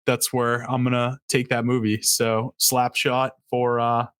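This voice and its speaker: A man's voice: medium pitch, monotone, unhurried, fairly bright tone, smooth, dry recording, clean studio sound. A man hosting a casual podcast chat over a video call, laughing often and restarting his sentences. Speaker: podcast host running the draft.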